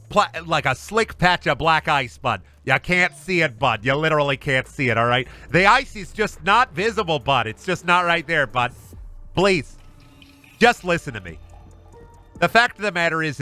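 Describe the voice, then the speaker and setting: Folksy Minnesotan telemarketer, relentlessly pleasant, put on by a man streaming a game; bright, lively delivery. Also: a little high, moderate pace, soft background music. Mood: chipper. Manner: relentlessly pleasant, ends lines with "bud".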